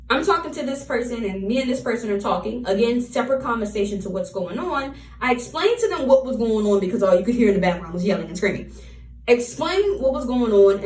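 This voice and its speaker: A woman's voice: medium pitch, distant mic. A woman vlogger candidly retelling a personal story to camera, repeating key phrases as she goes. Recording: roomy, from off the mic.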